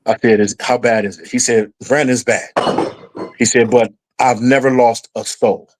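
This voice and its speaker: A man's voice: normal speed, low-quality recording. A middle-aged man, a podcast guest, telling a personal story in casual conversation, and his voice jumps up when he acts out what he said at the time. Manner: animated storyteller, voices his past self rising in pitch.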